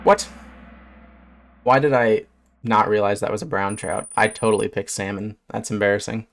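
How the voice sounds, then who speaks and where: A man's voice: on the low side, moderate pace, creaky. A man, a fish biologist streamer, giving casual reaction commentary, blunt and swearing, bursting into surprised questions.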